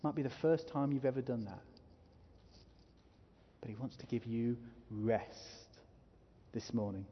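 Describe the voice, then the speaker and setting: A man's voice: medium pitch, measured pace, pauses often, a little hiss or hum. A man preaching a sermon as a pastor, earnest and growing emphatic as he urges his listeners. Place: church hall. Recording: muffled hall reverb.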